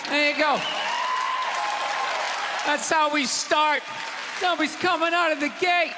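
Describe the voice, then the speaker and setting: A male stand-up comedian rants loudly and profanely through his routine, his voice pitched very high as he shouts. He is recorded live on a theater stage, with long reverb trailing his words. Audience laughter rises clearly behind him. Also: fairly even intonation, measured pace, over a noisy crowd, very noisy. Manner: loud, profane, ranting delivery. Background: audience laughing and cheering.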